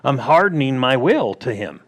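A man with a mid-range, sing-song voice preaches a sermon at a normal speed, keeping it plain and conversational. He poses rhetorical questions to the crowd and acts out what people and God might say.

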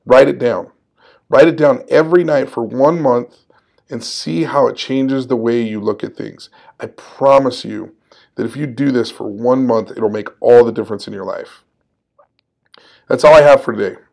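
A man's voice: mid-range voice, moderate pace, vocal fry, a little mellow. A man in his forties hosting a solo podcast, talking in an upbeat, conversational and encouraging way and laughing at himself now and then. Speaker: podcast host.

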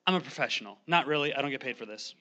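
A young man preaching a humorous sermon from a church pulpit, fast-talking, joking and animated, on a handheld microphone. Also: medium pitch, lo-fi sound. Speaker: guest preacher. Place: church sanctuary.

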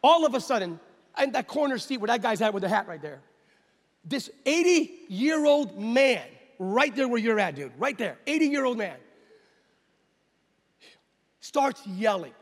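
A man from the United States, a pastor, telling a story in a sermon and acting out the scenes with loud exclamations and voices. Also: extremely high pitch, very animated, unhurried, pauses often. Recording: long hall reverb.

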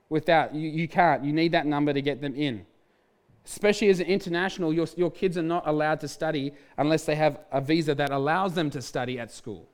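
A man with a rather high, smooth and resonant voice delivers a sermon as a pastor. He tells a personal story candidly, stumbling into restarts and poking fun at himself along the way. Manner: candid storytelling, frequent restarts and self-mocking humor. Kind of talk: sermon testimony.

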